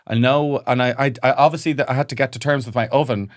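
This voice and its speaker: An Irish man co-hosting a comedy podcast, talking in an animated, swearing, mock-indignant way. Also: medium pitch, fast, no room sound, studio quality. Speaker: podcast co-host. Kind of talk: casual comedy chat. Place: podcast studio.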